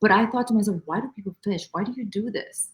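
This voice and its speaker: A woman speaking as an interview guest, telling a personal story in an animated, emotional way and acting out exclamations. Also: medium pitch, fast talker. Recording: roomy echo.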